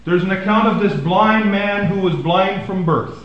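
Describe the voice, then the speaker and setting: Male pastor, sermon delivery, high voice, big loud-to-hushed swings, echoey recording. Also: normal speed, dull audio. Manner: dramatic swings from loud emphasis to hushed asides.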